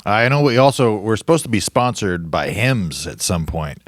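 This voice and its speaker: A man's voice: fairly low pitch, moderate pace. Laid-back male co-host, lots of fillers. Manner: relaxed, filler-heavy. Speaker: podcast co-host. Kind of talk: casual chat.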